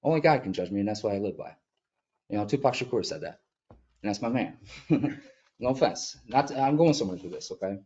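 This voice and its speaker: Low, mellow man, heartfelt and halting at times, muffled lo-fi meeting audio. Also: animated. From upstate New York. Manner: earnest, heartfelt, halting with emotion. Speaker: mural artist addressing a village board. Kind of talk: emotional public comment. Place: public meeting room.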